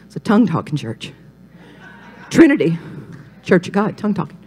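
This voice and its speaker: A woman from Mississippi, a pastor's wife telling her testimony on a talk show, animated and dropping to hushed whispers for emphasis. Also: on the low side, normal speed, slightly rough. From Mississippi, USA.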